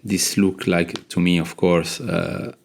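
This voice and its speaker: A male interviewer with a very deep, gravelly voice and a flat delivery. He asks his questions carefully, searching for words, with non-native phrasing. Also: takes it slowly. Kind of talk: conversational interview.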